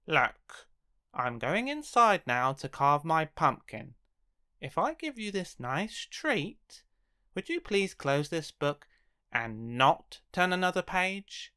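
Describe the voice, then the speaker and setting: A woman reading a children's picture book aloud in a theatrical way, swinging between hushed pleading and frightened yelps. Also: sits low, very animated, slow pace, smooth. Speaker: storybook reader.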